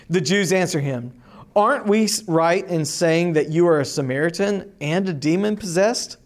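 A man teaching a class, reading a long scripture passage aloud slowly and deliberately, with emphatic rises on key lines. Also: fairly high pitch.

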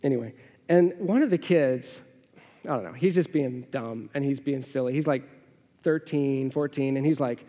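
A man's voice: medium pitch, normal speed, mellow. A man in his thirties preaching a sermon, conversational and storytelling, often asking the congregation questions. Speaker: pastor. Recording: long hall reverb.

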